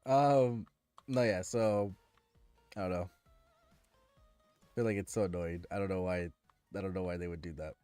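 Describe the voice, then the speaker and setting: A man's voice: sits low, steady tone, normal speed, pauses often, mellow, smooth, dry recording, faint music behind. A man streaming and chatting casually with viewers, ranting in an exasperated way and often restarting his sentences.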